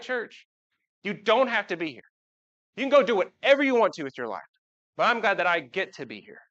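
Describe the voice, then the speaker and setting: A man preaching in a relaxed, folksy way, turning to the pews with questions. His voice sits a little high for a man. The church livestream audio is dull and muffled. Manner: folksy, talks with the congregation, asks them questions. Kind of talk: casual sermon. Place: church sanctuary.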